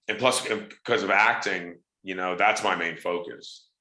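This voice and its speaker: Deep-voiced animated man in echoey room. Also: a little slow. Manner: animated storyteller, acts out quoted voices. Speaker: wrestler and actor, guest. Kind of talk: casual interview chat.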